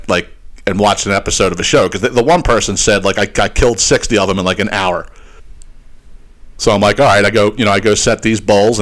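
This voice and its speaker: Profane ranting podcast host, lowish voice. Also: male voice. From Pennsylvania, United States. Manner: swears constantly, animated rants with frequent fillers. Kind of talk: profane comedic storytelling monologue.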